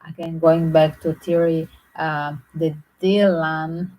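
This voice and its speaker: A woman hosting her own channel, giving speculative true-crime commentary in a halting way, repeating and restarting phrases as she thinks aloud. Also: deep voice, little pitch movement, warm tone, low-quality recording. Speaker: channel host.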